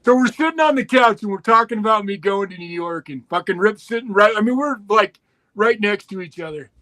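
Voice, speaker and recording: A man's voice: high voice, animated, fairly quick, bright, forceful tone, no room sound. An older man telling a crude, profane story with lots of laughter and acted-out voices. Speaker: guest storyteller.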